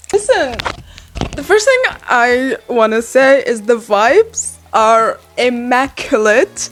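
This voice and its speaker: A young woman with a slight non-native accent rambles casually about a book she is reading, full of fillers and asides. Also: a little high. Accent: non-native English. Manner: chatty and rambling, lots of fillers. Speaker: book vlogger. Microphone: handheld mic, then set in lap.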